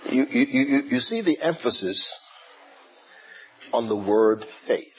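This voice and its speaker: A man preaching a sermon, retelling a scripture story in a slow, animated way and repeating words as he goes. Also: medium pitch, husky. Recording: dull lo-fi recording with faint ambience.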